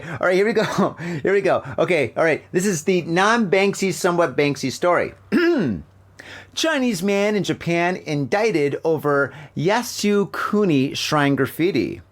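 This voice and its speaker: A middle-aged American man hosting a casual news chat from home, rambling and joking as he reads stories haltingly. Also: high-pitched. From United States. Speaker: podcast host. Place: home room with a fan running. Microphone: laptop mic.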